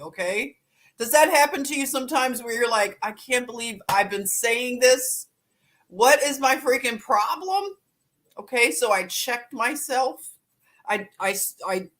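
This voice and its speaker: A woman's voice: medium pitch, fairly bright tone. A woman hosting a live stream, chatting casually and greeting viewers by name with easy laughs.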